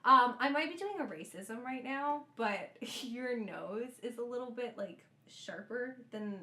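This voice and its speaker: Woman guest on a podcast, kinda high voice, bounces around a lot, laughs a bunch. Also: expressive, sharp tone. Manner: playful, laughs often, quick asides. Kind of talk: casual chat.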